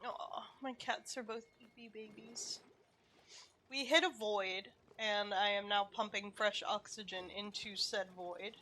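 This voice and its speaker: Bright-voiced woman streaming a game. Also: medium pitch, fairly even intonation, unhurried. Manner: chatty, mutters to herself, swears casually. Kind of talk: casual gameplay commentary.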